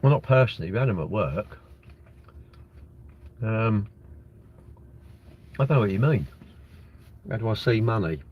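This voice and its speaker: A man's voice: fairly low pitch, expressive, measured pace, pauses often, narrow, tinny audio, a little hiss or hum. A man, chatting casually on a live stream from his car and answering viewer comments in a rambling way. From Britain. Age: 60s. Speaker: livestream host. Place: inside a parked car. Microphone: phone propped at the windscreen.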